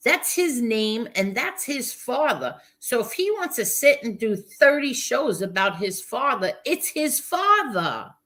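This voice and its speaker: A woman's voice: a little high, very animated, unhurried, hardly any pauses, a bit bright. A woman co-hosting a casual livestream podcast, speaking in an emphatic, indignant way. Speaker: podcast co-host.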